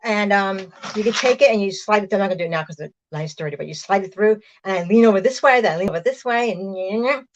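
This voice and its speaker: A woman's voice: mid-range voice, fast talker, few pauses, lo-fi sound, noisy background. Chatty woman talking while she cooks. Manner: rambling, chatty, lots of fillers and hang-ons. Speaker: livestream host. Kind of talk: casual chat while cooking. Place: home kitchen, moving between rooms. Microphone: device mic, often at a distance. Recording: voice drifting far from the mic.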